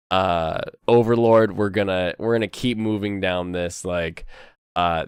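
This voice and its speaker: A sick young man hosts a casual anime chat, rambling with lots of fillers and quick laughs. His voice is fairly low, smooth and resonant, recorded close in a dry space. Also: no room sound. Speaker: host.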